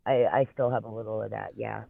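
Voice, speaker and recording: A man's voice: lowish voice, steady tone, a little fast, creaky, no echo. A male co-host with a slight Southern accent, chatting casually and easygoing, laughing often. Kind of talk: casual chat. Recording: tinny phone line.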